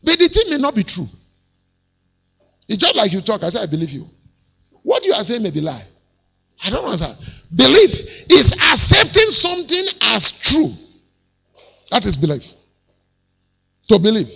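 A pastor delivers a sermon in a high, animated voice that swings from shouts to hushed asides. His tone is gravelly and husky, with a bright, sharp edge. The sound carries the long reverb of a large church hall. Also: moderate pace, long pauses. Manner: preaching with shouted peaks and sudden drops to near-whisper.

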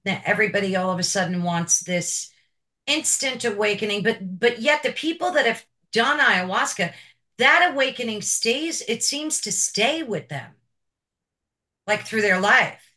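A woman's voice: a little high, expressive, normal speed, bright, forceful tone. A woman hosting an interview show, asking her guest questions in a chatty, personal way. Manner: chatty, personal, with filler repeats. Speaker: podcast host.

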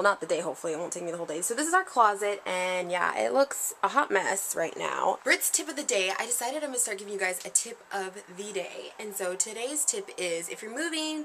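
A woman's voice: medium pitch, a bit bright, slight background noise. A young woman chatting upbeat to a handheld camera in her apartment. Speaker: vlogger. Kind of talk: casual vlog chat. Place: apartment indoors.

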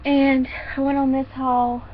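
A woman's voice: high-pitched, completely flat delivery, a little slow, highs cut off, a little hiss or hum. Chatty woman, rambling crafter. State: a little out of breath. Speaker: crafting vlogger. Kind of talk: casual chat. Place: home craft room.

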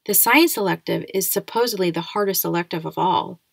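Woman doing a bratty schoolboy bully, snide and mocking, a bit gravelly, dry close sound. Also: lowish voice, fairly quick, dry recording. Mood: sneering. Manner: sneering, mocking questions. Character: snide, sarcastic ten-year-old schoolboy.

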